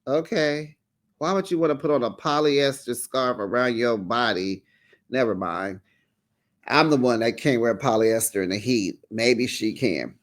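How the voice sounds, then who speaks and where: A man hosting a casual recap of a reality show, sassy and animated, with lots of "honey" and "child". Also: medium pitch, measured pace. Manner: acts out the quotes in put-on voices.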